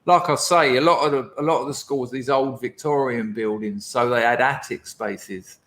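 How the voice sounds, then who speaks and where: A man as a podcast guest, telling a lively school anecdote in casual chat, laughing as he goes. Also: mid-range voice, moderate pace. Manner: animated, laughing anecdote teller.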